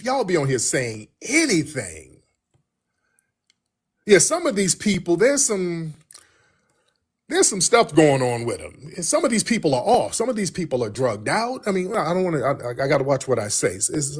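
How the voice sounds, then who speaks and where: Husky-voiced man, blunt livestream host. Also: fairly high pitch. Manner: blunt, mocking, repetitive. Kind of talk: casual livestream talk.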